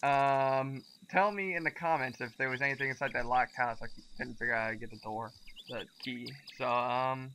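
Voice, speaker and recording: A young man giving profane, excitable commentary on a game, yelping when startled, with game music behind him. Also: medium pitch, moderate pace, slight background noise. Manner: excitable, swears a lot, yelps when startled. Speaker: gaming video host. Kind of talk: let's play commentary.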